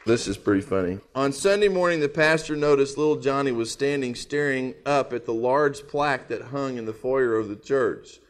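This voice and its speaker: A man preaching a sermon in a jokey, animated way, reading funny letters and laughing along. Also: medium pitch, normal speed, few pauses. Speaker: pastor.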